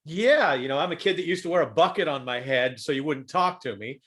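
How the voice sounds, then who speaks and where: A fairly high-voiced man talking on a video call panel, lively and demonstrative, the way a stand-up comic explains his craft. He jumps between plain explanation and acted-out examples. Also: brisk. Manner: animated storyteller who acts out examples. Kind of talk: conference panel talk.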